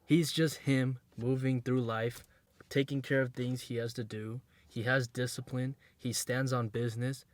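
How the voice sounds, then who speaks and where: A man talks straight to his viewers with blunt, streetwise advice, hammering each point home through repetition. His voice sits at an ordinary middle pitch, and he comes across as direct and sure of himself. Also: flat delivery, a little slow, dry recording. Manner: slangy, streetwise phrasing. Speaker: dating advice creator. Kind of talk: casual advice monologue to camera.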